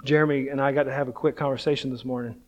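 A man's voice: medium pitch, fairly even intonation, very fast, dull audio. A man in his thirties, a pastor, preaching a sermon in a casual, self-deprecating storytelling way, often checking in with "right?".

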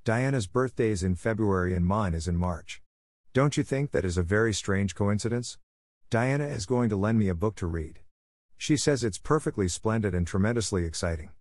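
A man voicing an excitable, chatty orphan girl who gushes eagerly and breathlessly. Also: lowish voice, moderate pace, no room sound, studio quality, close to an everyday voice. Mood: gushing.

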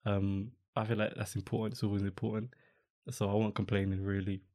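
A man's voice: lowish voice, flat delivery, fairly quick, a little mellow. A young man hosting a podcast, chatting casually in a rambling, slang-filled way. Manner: rambling, laid-back, peppered with slang and fillers. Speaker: podcast host. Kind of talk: casual chat.

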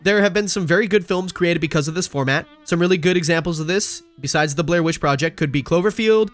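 Chatty, higher-voiced male podcast host. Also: quick pace, faint music behind. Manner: chatty, laughs often, frequent restarts. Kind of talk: casual podcast chat, reading listener messages.

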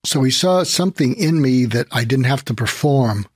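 An older man, a psychiatrist guest, telling an animated anecdote in an interview and acting out the voices in it. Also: mid-range voice, moderate pace, husky, no echo, clean studio sound. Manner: animated anecdote teller, acts out his own lines. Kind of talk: storytelling in interview.

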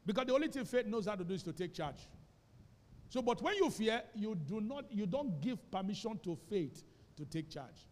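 Pastor, man, Nigerian English accent, high voice, preaching with big swings from hushed to shouted, church hall echo. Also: big pitch swings, moderate pace. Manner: preaching with call-and-response, swinging between quiet asides and shouts. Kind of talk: sermon.

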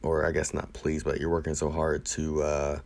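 Very deep-voiced young man rambling earnestly. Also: completely flat delivery, normal speed, gravelly, darkish tone. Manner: rambling, full of fillers and restarts; earnest, emotional admiration. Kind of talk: casual monologue.

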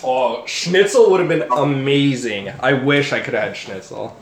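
A laid-back young man co-hosting a casual podcast, spinning a story with plenty of swearing. His voice sits at a middling pitch. The room has a noticeable echo. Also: moderate pace. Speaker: podcast co-host. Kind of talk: casual chat. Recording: echoey room.

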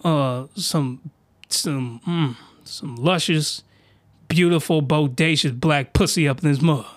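Young man podcast host, high bright voice, crude rambling recap, close mic. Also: dry recording. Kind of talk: crude comedic anime recap.

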